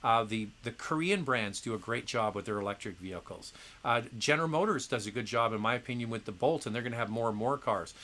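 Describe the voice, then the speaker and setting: Fielding viewer questions on a relaxed live Q&A stream, this middle-aged host talks fast in a bright, forceful voice of everyday pitch. He speaks chattily and with strong opinions, often beginning sentences over with "uh" or "um."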